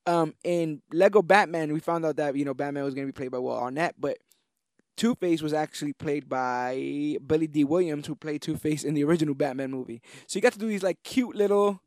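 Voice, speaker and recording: A man's voice: fairly high pitch, brisk, darkish tone, no room sound, studio quality. A man co-hosting a casual podcast chat, rambling enthusiastically and correcting himself as he goes. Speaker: podcast co-host.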